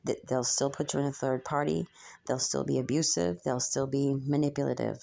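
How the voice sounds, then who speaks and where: Very low-voiced woman giving a spiritual reading. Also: steady tone, brisk, gravelly, dark tone. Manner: hesitant, many ums, musing aloud. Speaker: spiritual reader channeling messages. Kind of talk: tarot-style channeled reading to viewers.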